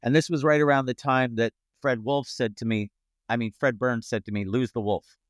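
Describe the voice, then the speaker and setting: A middle-aged man, a comedian guest on a podcast, telling lively anecdotes and acting out what people said. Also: medium pitch, fairly quick, clean tone, no room sound, clean studio sound. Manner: animated anecdotes, acts out quoted voices. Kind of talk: casual storytelling chat. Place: podcast studio.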